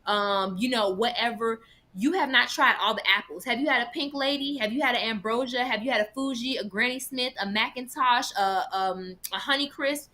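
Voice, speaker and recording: A woman with a bright, clear, slightly higher voice chats casually on a talk show. She tells her stories in an animated, playful way and now and then drops into put-on voices for fun. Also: moderate pace. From Jamaican heritage. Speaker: vegan talk show co-host. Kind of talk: casual chat.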